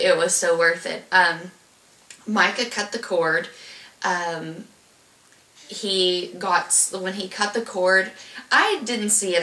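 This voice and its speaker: A woman's voice: fairly low pitch, sharp tone, reverberant, recorded from a distance. A young woman casually telling a long personal story, rambling with lots of fillers and restarts. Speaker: vlogger telling her birth story.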